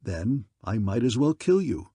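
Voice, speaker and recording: A man voicing a bold young male American warrior who speaks calmly and simply. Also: mid-range voice, a little slow, husky, dry recording. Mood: resolute. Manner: calm, simple, resolute.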